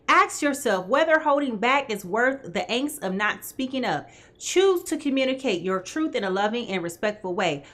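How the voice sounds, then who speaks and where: A woman's voice: high voice, fairly bright tone. A woman hosting a live tarot reading who talks straight to her viewers and keeps checking in with "okay?". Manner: talks straight to viewers, greets them by name. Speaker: tarot reader host.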